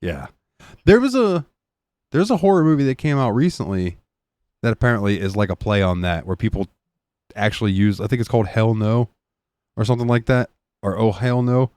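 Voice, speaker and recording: A man co-hosting a podcast who talks in a casual, swearing, storytelling way. His voice sits low, and his pitch swings widely as he tells stories. The sound is dry and close. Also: brisk, pauses often, smooth, no room sound. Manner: animated, profane storytelling with laughs. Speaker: podcast co-host. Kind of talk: casual chat.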